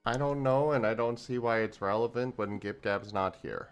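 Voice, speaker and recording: A man's voice: medium pitch, steady tone, moderate pace, clear, resonant tone, faint music behind. A man streaming a game, chatting casually with friends and ribbing them dryly. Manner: dry, teasing banter. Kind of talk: casual chat while gaming.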